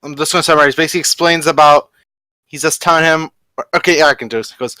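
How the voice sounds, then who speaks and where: A man's voice: on the high side, fairly even intonation, fast, pushed and bright, no room sound. A man playing a tabletop game who rambles and keeps correcting himself. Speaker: player. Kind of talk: casual tabletop game talk.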